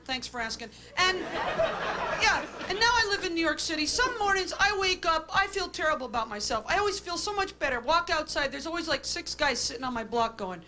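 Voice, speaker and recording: A woman doing a stand-up comedy routine, delivering deadpan quips and tagging jokes with a flat "okay?". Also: extremely high pitch. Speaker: stand-up comic. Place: comedy club stage with a live audience. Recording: hissy old VHS tape with audience laughter.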